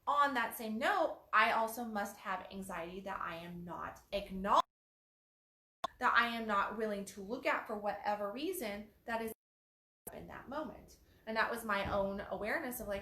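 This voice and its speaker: Animated woman in an echoey room. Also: mid-range voice, normal speed. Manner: animated, acts out quoted phrases in changed voices. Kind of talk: casual conversational talk on self-development.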